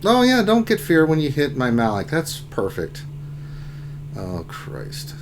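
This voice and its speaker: A man hosting a casual gaming livestream, talking through his game, with loud exclamations and laughter. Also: on the high side, wildly swooping pitch, unhurried, a little hiss or hum. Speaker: livestream host.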